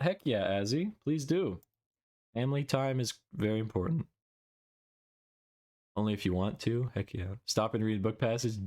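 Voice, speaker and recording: A man's voice: mid-range voice, darkish tone. A young man streaming as a VTuber, chatting with viewers and reciting his own poetry in a dramatic way. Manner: dramatic recitation, then playful chat with silly noises. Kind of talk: casual stream chat and poetry reading.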